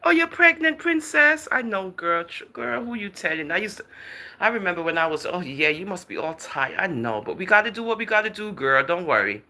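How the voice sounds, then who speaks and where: A woman's voice: lowish voice, animated, brisk, sharp tone. A woman hosting a livestream in casual chat, answering viewer comments in a chatty, teasing way, often laughing and calling people darling and girl. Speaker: livestream host.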